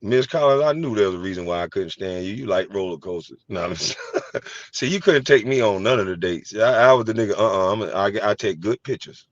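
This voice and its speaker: A middle-aged man with a low voice tells animated, profane stories in a relaxed chat. He laughs easily as he talks. The sound is dry and a little dull. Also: a little fast, no echo. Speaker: host. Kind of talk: casual chat.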